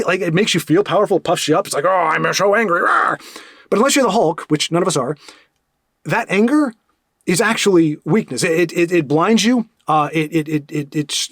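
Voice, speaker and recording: A man talking in a casual, rambling monologue, animated and full of restarts and asides. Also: high-pitched, no room sound, studio quality. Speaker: podcast host.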